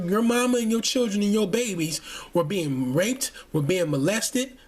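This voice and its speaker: A man's voice: sits high, breathy edge. A man giving a heated, profane ranting commentary, often stumbling over repeated restarts. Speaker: channel host.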